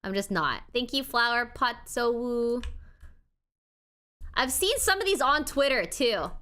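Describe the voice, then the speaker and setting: A woman live streamer in casual chat, with a voice pitched a little above the usual. She is excitable, jumps from loud outbursts to low mumbles, and keeps thanking people warmly. She gets playfully defensive when teased. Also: measured pace. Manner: warm and grateful, thanking people one after another.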